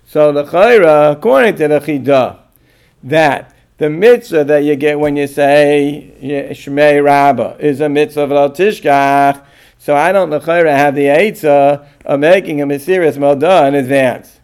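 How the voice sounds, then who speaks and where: A man's voice: fairly high pitch, a little slow, a little mellow, smooth. A man giving an informal Torah lecture on Jewish law, reasoning aloud and posing questions he then answers.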